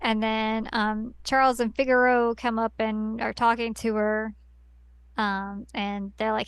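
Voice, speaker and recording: A podcast co-host with a high-leaning, smooth voice and a flat delivery speaks unhurriedly with no echo. She casually recaps a story at great length, rambling with frequent fillers and restarts.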